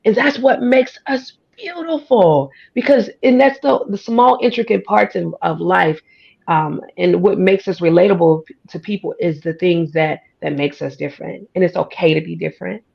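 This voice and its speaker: A woman with a down-home country twang talks as a guest, folksy and emphatic. Her voice has a gravelly edge. The audio sounds muffled and a bit lo-fi. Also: on the low side, normal speed. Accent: American country twang. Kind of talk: casual conversation. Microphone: studio or podcast mic.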